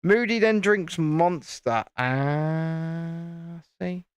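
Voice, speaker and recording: A man's voice: a little high, lively intonation, unhurried, no room sound. A man, hosting a casual live stream, chatting and teasing while he builds a model. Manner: chatty, teasing, self-deprecating.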